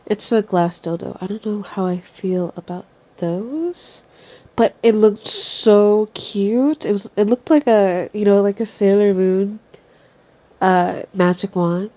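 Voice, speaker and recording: Young woman, stuffy nose, unhurried drawl, mellow low-sheen tone; loose casual chat. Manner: chatty, giggly, swears freely.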